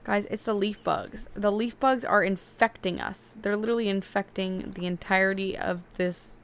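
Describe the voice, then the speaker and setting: A young adult woman giving casual, chatty gameplay commentary, excitable and quick to get frustrated. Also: medium pitch, background noise. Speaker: video game streamer.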